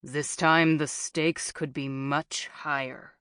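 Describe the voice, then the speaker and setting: Woman doing a veteran male journalist, gravelly, somber, slow, dry recording. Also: a little high, level tone, bright, forceful tone, no room sound, voice pushed down.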